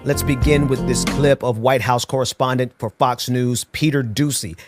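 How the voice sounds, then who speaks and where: A man giving measured, emphatic political commentary on a show. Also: medium pitch, fairly even intonation, music in the background.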